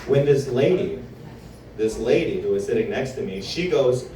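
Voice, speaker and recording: A man's voice: mid-range voice, moderate pace, background noise. A young man doing a stand-up comedy set on a club stage, telling stories and acting out the people in them. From Canada. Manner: animated storytelling with acted-out quotes. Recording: roomy club sound from a distance.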